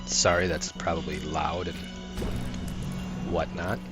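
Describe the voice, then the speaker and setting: A man's voice: deep voice, level tone, takes it slowly. A young man rambling through casual gameplay commentary, swearing often and flaring up at the game. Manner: swears a lot, rambling, flares into angry outbursts. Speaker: gaming channel host. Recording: music playing loudly behind.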